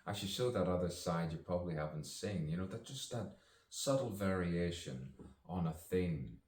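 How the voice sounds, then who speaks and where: A man's voice: low voice, animated, moderate pace, a little mellow. A man improvising spoken-word poetry, musing and playful, with chuckles between lines. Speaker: actor and poet. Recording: roomy sound from a distance.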